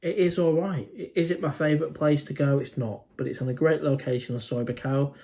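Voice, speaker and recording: His voice is on the high side and mellow, brisk, with fairly even intonation. An Englishman running a casual live stream, he chats loosely, reads out viewer comments and uses "mate" often.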